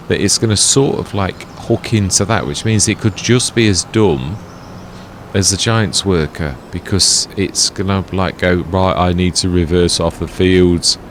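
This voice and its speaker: A man's voice: low-pitched, slight background noise. A man giving rambling, chatty gameplay commentary as a let's play host, often correcting himself.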